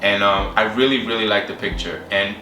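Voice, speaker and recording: A man candidly telling his personal story in an interview, halting and full of fillers. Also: fairly low pitch, steady tone, background noise. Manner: candid, halting, with many fillers and acted quotes. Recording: roomy distant mic with music behind.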